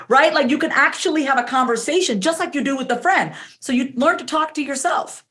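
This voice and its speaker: A woman's voice: high voice, a little fast, hardly any pauses, bright, forceful tone. Candid, emphatic woman coach. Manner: candid, emphatic, curses freely; acts out her own inner voice in quotes. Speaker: podcast guest, coach. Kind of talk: casual interview talk.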